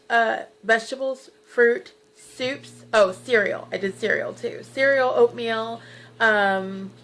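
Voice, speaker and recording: A woman's voice: medium pitch, vocal fry, fairly bright tone, poor audio. A woman in her thirties talking earnestly in a personal vlog, encouraging viewers with lots of fillers. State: tearful at times. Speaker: vlogger. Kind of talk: personal weight-loss vlog.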